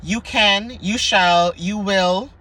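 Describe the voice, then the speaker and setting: A woman's voice: medium pitch, slow pace, a bit bright. A young woman giving a casual spiritual card reading in a chatty, playful, sassy way, laughing often. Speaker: oracle card reader.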